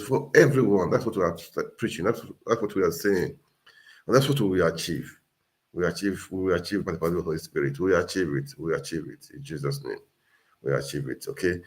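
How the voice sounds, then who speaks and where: A man hosting a casual livestream, talking earnestly and repeating himself as he urges viewers on. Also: low-pitched. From Nigeria. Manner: earnest, repetitive, exhorting. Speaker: livestream host.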